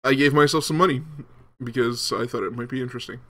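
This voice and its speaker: A man's voice: medium pitch, fast talker, fairly bright tone. A young man casually commenting as he plays a game, rambling with many ums and restarts. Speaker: gaming video host. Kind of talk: casual let's-play commentary.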